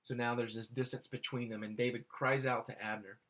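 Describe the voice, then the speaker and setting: A man reading Bible verses aloud and explaining them in a halting way, with many fillers and restarts. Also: medium pitch, level tone, fairly bright tone. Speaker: Bible teacher.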